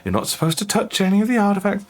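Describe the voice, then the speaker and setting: Man doing an exhausted mum, weary pleading voice, raised pitch, tabletop game. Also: big pitch swings, racing. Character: exhausted mother scolding her son.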